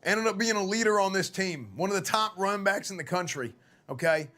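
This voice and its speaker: A hoarse man on a live gaming stream, rallying like a coach in a loud, profane pep talk. His voice sits high and sharp, with a forceful edge. The rasp of a worn-out voice runs through every line. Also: fairly quick. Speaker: streamer playing a football coach.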